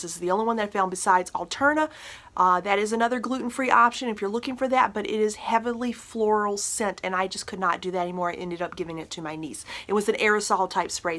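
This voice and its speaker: Chatty woman reviewing products, bright voice. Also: mid-range voice. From northern Minnesota. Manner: chatty, frank, with many fillers and restarts. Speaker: beauty and household product vlogger.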